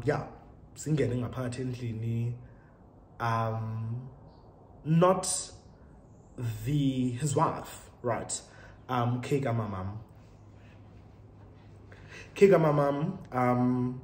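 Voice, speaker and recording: A man's voice: medium pitch, a little mellow. Chatty South African man, roomy echo. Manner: chatty, code-switching, laughs often. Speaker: vlogger. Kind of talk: casual story-time vlog while getting ready. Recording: roomy echo, faint room noise.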